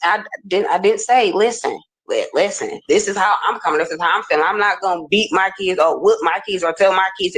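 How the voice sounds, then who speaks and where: A woman's voice: medium pitch, fairly quick, few pauses, fairly bright tone, rough recording. A woman being interviewed, speaking emphatically and often repeating herself. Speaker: interview guest. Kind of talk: interview conversation.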